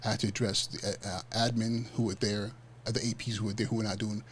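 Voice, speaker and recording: A man hosting a podcast, telling a personal story in a casual, animated way. He restarts often and acts out the dialogue in street slang. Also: fairly low pitch, fast, a little hiss or hum. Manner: frequent fillers and self-restarts. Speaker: podcast host.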